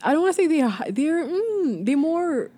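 A woman's voice: high voice, big pitch swings, normal speed, warm tone. A young woman with a New Zealand accent, a guest in a casual radio interview, easygoing and giggly.

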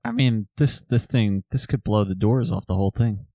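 A man's voice: on the low side, moderate pace, dark tone, dry recording. A man co-hosting a podcast in casual chat, rambling and restarting his sentences. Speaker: podcast co-host.

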